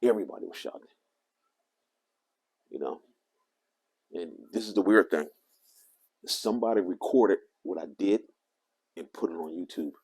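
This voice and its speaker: A man vlogging, telling a rambling personal story in an animated way, swinging from loud to hushed. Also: low-pitched, unhurried, long pauses, husky.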